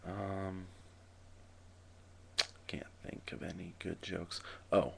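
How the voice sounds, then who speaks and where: A man tells jokes straight to his camera with a dry, deadpan delivery. His voice is very low and gravelly, with plenty of fry in it. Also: measured pace, a little hiss or hum. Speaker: vlogger telling jokes. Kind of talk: casual joke telling to camera. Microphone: camera mic.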